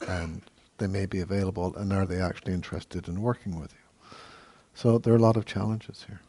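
A man teaching meditation, answering questions in a calm, measured way with frequent hesitant fillers. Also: low-pitched. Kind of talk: dharma talk Q&A.

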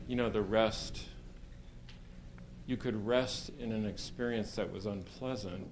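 A man's voice: fairly low pitch, a little slow, background noise. A man in a meditation class asking hesitant, candid questions of the teacher. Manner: hesitant, candid, self-deprecating.

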